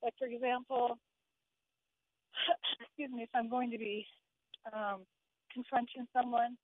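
A woman's voice: a little high, little pitch movement, unhurried, no echo. An older woman calling in to a radio show, out of breath and earnest, talking between breaths. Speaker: caller. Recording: tinny phone line.

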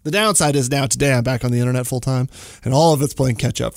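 A man hosts a casual solo podcast, telling a trip story and ranting at a fast pace, his pitch leaping in exaggerated, animated jumps. The sound is studio quality with no room sound.

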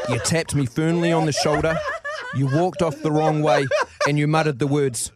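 A man's voice: fairly high pitch, level tone, moderate pace, very noisy. A man with a New Zealand accent, a radio co-host giving a sincere, slightly emotional tribute on air.

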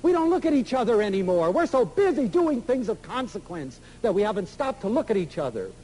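A man giving an emotional, storytelling lecture to an audience, swinging from loud to soft. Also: high-pitched, sing-song, brisk, breathy edge, rough recording.

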